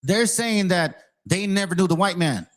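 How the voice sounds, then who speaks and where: A man rants heatedly in a voice that sits a little high for a man. He swears freely and slips into sarcasm as he argues his point, talking straight to his viewers. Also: animated, moderate pace. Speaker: channel host. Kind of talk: ranting commentary.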